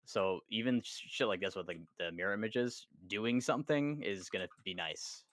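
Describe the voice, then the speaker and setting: A man's voice: fairly low pitch, normal speed, fairly bright tone, no room sound. A young man talking to friends over voice chat during a game, laid-back and swearing casually. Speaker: teammate on voice chat.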